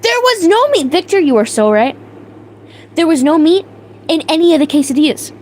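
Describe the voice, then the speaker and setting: A young woman hosting a livestream, telling a story in a casual, animated way with mock outrage and laughter, answering her chat. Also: high voice, normal speed, slight background noise, low-quality recording. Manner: animated, exaggerated outrage, laughing, reads chat names aloud. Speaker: livestream host.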